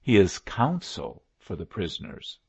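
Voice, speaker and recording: A man reading as a gravelly Western lawman. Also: low-pitched, wildly swooping pitch, unhurried, highs cut off, exaggerated voice. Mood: plainspoken. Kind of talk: audiobook character voice.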